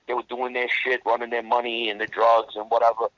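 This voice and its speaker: A middle-aged man recounts old street stories in a blunt, profane, streetwise way, his voice sitting at an ordinary middle pitch. The recording is dull and lo-fi, with a dry, close sound and no room around it. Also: flat delivery, fairly quick, no room sound. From New York. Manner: blunt, streetwise, heavy swearing. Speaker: interview guest. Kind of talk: casual storytelling interview.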